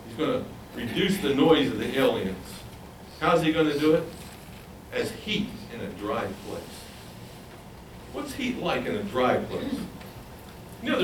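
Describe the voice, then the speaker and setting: A man's voice: medium pitch, a little hiss or hum. A man preaching a sermon, asking his listeners questions and acting out the voices of others. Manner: animated, asks the audience questions, acts out voices. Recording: roomy, from a distance, faint ambience.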